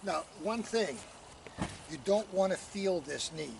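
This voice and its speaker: Male posture coach, calm step-by-step cues, somewhat high voice, heard from a distance over outdoor noise. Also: unhurried, creaky. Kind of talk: instructional coaching. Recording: distant mic, noisy outdoor background.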